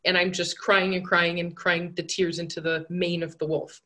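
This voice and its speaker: Woman telling her vision trip, kinda low voice, rambly with lots of likes and ums, earnest. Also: little pitch movement, normal speed, sharp tone. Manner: rambling, hesitant, many fillers; earnest and reflective. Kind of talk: recounting a guided vision journey.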